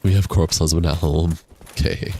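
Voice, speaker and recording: A young man streaming a game, chatting casually with a deep, crackly chest voice on a high-quality microphone, laid-back and rambling with casual swearing. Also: steady tone, normal speed, dark tone. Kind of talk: casual livestream chat while gaming. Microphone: high-quality studio microphone.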